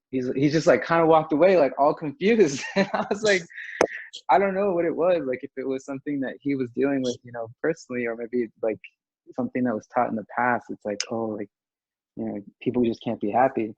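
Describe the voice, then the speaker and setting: A man's voice: mid-range voice, a little fast, darkish tone, slightly rough, no echo. A young man speaking as a podcast guest in casual group discussion, earnest and rambling with lots of filler words. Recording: dry, dull lo-fi audio.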